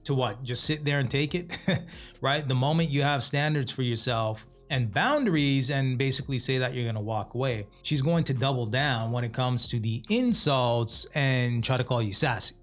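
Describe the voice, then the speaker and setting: A man in the middle of the pitch range delivers reaction commentary, mocking and lecturing as he fires off rhetorical questions. Faint music plays underneath his voice. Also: moderate pace, a bit bright. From North America. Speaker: reaction video host. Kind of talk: commentary on clips.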